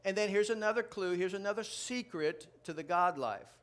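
A man with a high, light voice preaches to a congregation. He delivers a joking, animated sermon that swings into loud bursts of emphasis. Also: normal speed. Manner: jokey, animated preaching with sudden loud outbursts. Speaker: pastor. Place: church before a live congregation.

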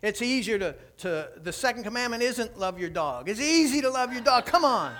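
A man preaching through an animated, conversational story. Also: very high voice, normal speed. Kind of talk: sermon storytelling.

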